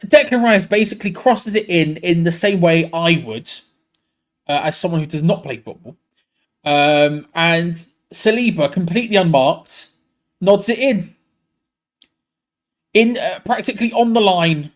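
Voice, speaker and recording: Excitable young fan commentator, higher voice. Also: male voice, moderate pace. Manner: animated and excitable, laughing, frustrated groans. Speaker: fan watch-along host.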